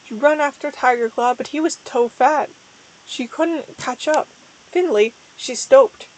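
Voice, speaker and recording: A young woman streamer doing a mock-dramatic reading of a fan story, reading deliberately and stumbling over misspelled words. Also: sits high, poor audio.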